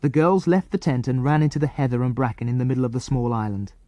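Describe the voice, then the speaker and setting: A man narrating a children's adventure audiobook in an expressive, lively reading style. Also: mid-range voice, fast talker, no echo. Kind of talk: scripted storybook narration.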